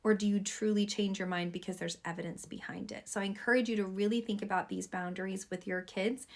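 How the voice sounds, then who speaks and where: Woman, pediatrician, earnest advice to parents, slight vocal fry. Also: mid-range voice. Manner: earnest, advising parents directly. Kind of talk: talking to camera.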